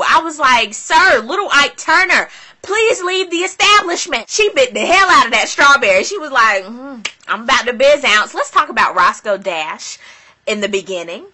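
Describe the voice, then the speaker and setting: A woman's voice: fairly high pitch, animated, normal speed, bright, forceful tone, breathy edge. A woman vlogger giving casual, sassy commentary, acting out quotes dramatically. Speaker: vlogger recapping a reality show.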